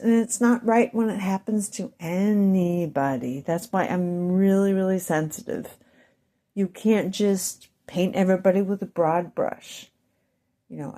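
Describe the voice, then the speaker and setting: A woman with a Midwestern accent talking in a rambling vlog monologue, speaking slowly and deliberately with wandering asides. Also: medium pitch, mellow. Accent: Midwestern American. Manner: wandering, self-interrupting asides. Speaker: vlogger.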